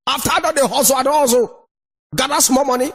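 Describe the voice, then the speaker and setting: High-pitched Nigerian man telling comic stories. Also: fast talker. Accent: Nigerian Pidgin English. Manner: animated, laughing, shouting punchlines. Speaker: stand-up comedian. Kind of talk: stand-up comedy storytelling. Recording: noisy recording.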